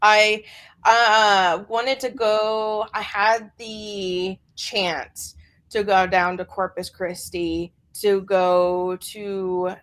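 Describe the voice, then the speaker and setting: Slow-talking woman podcast guest. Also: medium pitch. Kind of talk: casual podcast chat.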